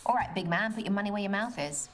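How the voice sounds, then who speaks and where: A woman's voice: medium pitch, fast, faint music behind. A woman on a date show, bantering with dry, playful teasing. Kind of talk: flirty banter.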